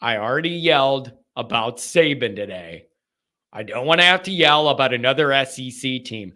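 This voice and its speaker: A man hosting a live call-in fan show, chatting casually and breaking into joking, animated rants. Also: medium pitch, normal speed.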